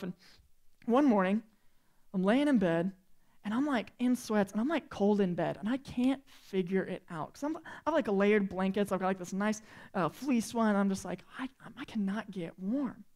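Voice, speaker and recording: A man's voice: high-pitched, brisk. A youth pastor in his late twenties telling a humorous, chatty story to students, acting out the quotes. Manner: animated, chatty, acts out quotes with big swings in volume.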